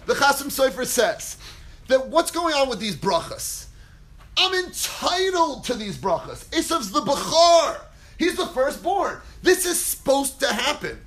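A man with a very high voice delivers an animated Torah lecture. He acts out quotes dramatically, jumping between loud bursts and near-whispers. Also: a little slow. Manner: dramatic, acts out quotes, big swings in pitch and volume. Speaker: rabbi teaching a class.

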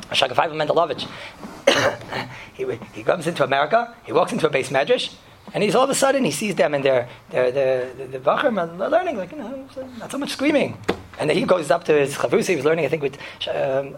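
A rabbi teaches students in a relaxed, chatty lesson, telling lively stories and laughing as he goes. His voice sits high for a man, with a gravelly fry. Hebrew and Yiddish terms run through his talk. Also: a little hiss or hum. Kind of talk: casual Torah lesson with stories.

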